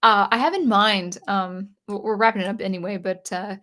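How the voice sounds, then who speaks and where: Woman, livestream host, casual chat, rambling, halting restarts, mid-pitched voice. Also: fairly even intonation, sharp tone. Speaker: livestream host of an electronic music channel. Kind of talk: casual livestream chat reading viewer comments.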